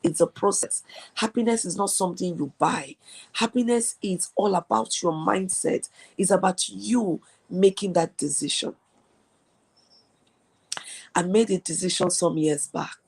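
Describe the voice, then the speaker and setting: A woman hosts a motivational live stream and speaks with earnest conviction. Her voice sits low and has a gravelly, husky edge. She repeats her key lines to drive them home. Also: unhurried, a little mellow. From Nigeria. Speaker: host.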